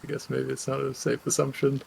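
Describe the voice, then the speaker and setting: A man's voice: medium pitch, monotone, fairly quick, creaky, a little mellow, a little hiss or hum. A man talking casually as a player at a tabletop game, with a dry, sarcastic way of speaking.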